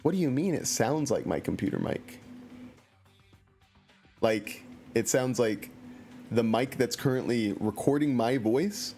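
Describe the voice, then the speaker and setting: A man's voice: medium pitch, animated, measured pace, pauses often, mellow, faint music behind. A man giving casual, joking commentary while streaming a story game and reading chat aloud, into a computer mic at home.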